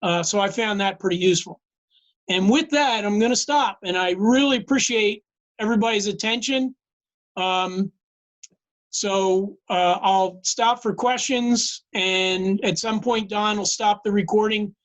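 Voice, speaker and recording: An older man with a scratchy voice giving a classroom lecture and answering questions, halting with many fillers. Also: sits high, fairly bright tone. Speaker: guest lecturer.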